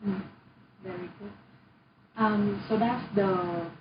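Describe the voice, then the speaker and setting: A woman's voice: medium pitch, steady tone, far from the mic. Brief: young Vietnamese-accented woman, language tutor, encouraging and patient; dull, echoey video-call audio. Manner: patient, encouraging, models words slowly. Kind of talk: online language lesson. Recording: roomy, dull audio with noise.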